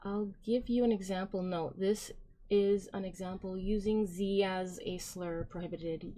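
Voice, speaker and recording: A woman's voice: medium pitch, fairly even intonation, unhurried, warm tone. A woman live-streaming, chatting casually and reading viewer comments aloud, rambling with lots of fillers and giggles.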